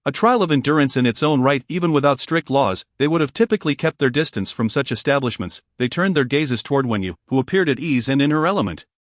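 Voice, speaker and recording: A man narrating a scripted story in an even, measured way. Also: medium pitch, no room sound, clean studio sound.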